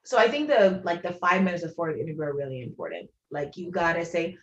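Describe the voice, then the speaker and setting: A woman journalist, a guest on a podcast, talking in a relaxed, casual way with many "like"s. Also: on the low side, fast talker, muffled recording. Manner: relaxed, filler-heavy, frequent "like". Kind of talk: casual interview conversation.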